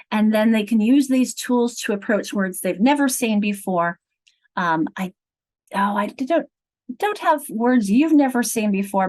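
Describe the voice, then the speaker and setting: A middle-aged woman leading an online teacher training on reading, explaining each step in a clear, patient teacherly way over a video call. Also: medium pitch, poor audio. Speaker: literacy trainer.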